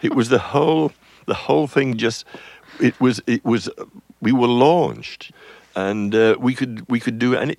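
A man's voice: fairly low pitch, creaky, no echo. An older man, a film composer, telling rambling anecdotes in an interview with chuckles and self-interruptions. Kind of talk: relaxed anecdotal storytelling.

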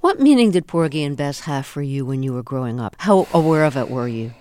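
An interviewer asking curious, measured questions about a stage production. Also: mid-range voice, expressive, a little mellow, no echo.

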